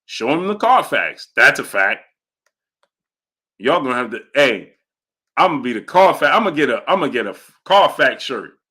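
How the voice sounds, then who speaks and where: A man's voice: medium pitch, moderate pace, pauses often, slightly rough. A young man hosts a live boxing stream. He reads viewer messages aloud and repeats his points with emphasis. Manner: animated, emphatic, repeats lines for effect. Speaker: boxing livestream host. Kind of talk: live stream chat, reading Super Chats.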